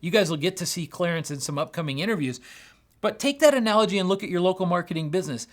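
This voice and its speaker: A man's voice: high-pitched, fast. A man hosting his own business podcast, talking with energy and enthusiasm and acting out bits of dialogue. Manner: acts out quoted dialogue in animated voices. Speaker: podcast host. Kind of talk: solo business podcast talk.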